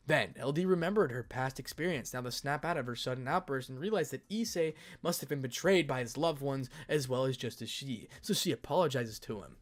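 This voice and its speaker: A man narrates an amateur fan story aloud in a plain, steady reading voice. His pitch sits in the ordinary middle range for a man. He reads at an even, unhurried pace.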